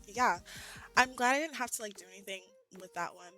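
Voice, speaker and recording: A woman streamer telling a story in casual chat, animated and laughing, with lots of "like". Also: fairly high pitch, a little fast, faint music behind. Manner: animated, laughing, heavy use of "like". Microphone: streaming mic.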